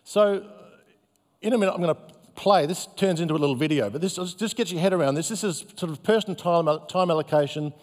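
A male pastor giving a sermon in a gentle, conversational, self-deprecating way. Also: fairly high pitch, fairly quick. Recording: long hall reverb.

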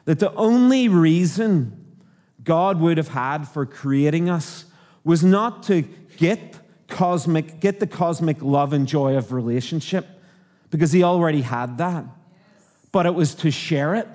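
A man's voice: a little high, lively intonation, a little slow, darkish tone, in a large hall. A man from Northern Ireland with a Northern Irish accent, preaching a conversational sermon and asking the congregation questions. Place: church auditorium.

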